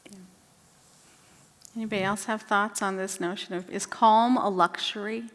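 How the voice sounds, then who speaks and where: A woman's voice: medium pitch, fairly even intonation, normal speed, a bit bright, big-room sound. A woman moderating a book discussion, speaking candidly and reflectively and asking the group many questions.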